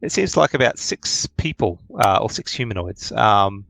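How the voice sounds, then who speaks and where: A man narrating a tabletop game as game master, halting and full of fillers. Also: lowish voice, animated, gravelly, fairly bright tone, dry recording.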